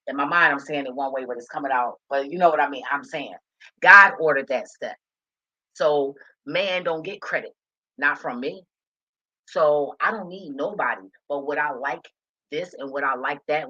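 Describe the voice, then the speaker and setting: A woman's voice: low-pitched, a bit bright. A woman giving a passionate, emotional and rambling casual monologue to her viewers. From Philadelphia. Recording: dull lo-fi recording.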